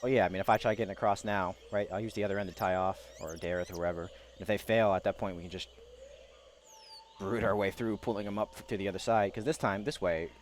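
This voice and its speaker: A man's voice: fairly low pitch, fairly even intonation, fast talker, a little hiss or hum. A man playing a tabletop game, talking through a climbing plan with mild exasperation. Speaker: player.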